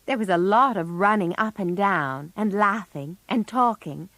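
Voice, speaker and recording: A woman narrating a story for English learners, slowly and with clear enunciation. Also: medium pitch, fairly bright tone, no echo.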